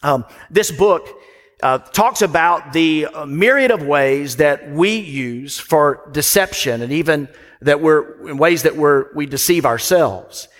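A man's voice: on the high side, animated, slow pace, fairly bright tone. A man delivering a sermon as pastor, conversational and storytelling, with asides to the congregation. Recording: long hall reverb.

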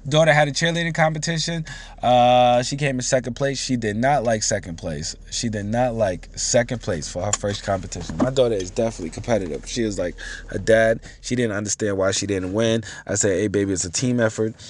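A man's voice: medium pitch, fairly quick, a little hiss or hum. A man in his thirties venting and rambling in a casual vlog from his car, swearing often and getting heated. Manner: profane, rambling, heated ranting. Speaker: vlogger.

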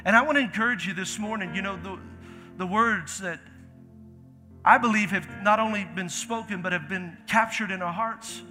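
A bright, high-voiced man preaching a sermon in a conversational way, driving points home with repetition. The sound carries a long hall reverb, with soft music underneath. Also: moderate pace. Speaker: pastor. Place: church sanctuary.

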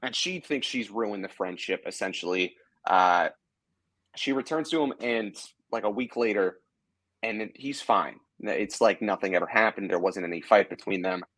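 A man with a lowish voice talks through a TV plot in a relaxed podcast chat. He rambles, stopping and restarting with plenty of fillers. The sound is close and dry. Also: moderate pace, no echo. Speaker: podcast co-host. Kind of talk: casual chat, summarizing a TV episode.

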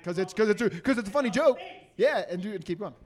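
A man's voice: high-pitched, expressive, quick pace, darkish tone. A man giving earnest, rambling feedback on a comedian's jokes. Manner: rambling, earnest, many fillers. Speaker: comedy judge.

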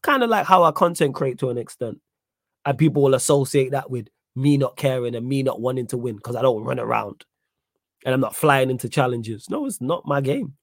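A young man chats at an easy, unhurried pace as a podcast host fielding viewer questions. His voice sits at an ordinary middle pitch. The sound is dry and close, with no room echo. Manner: calm, laid-back, conversational. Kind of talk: casual chat.

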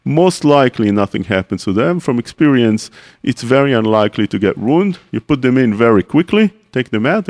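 A man's voice: medium pitch, darkish tone. A man, a rabbi, giving a radio Torah class, explaining step by step, asking questions and answering them, with Hebrew terms mixed into his English.

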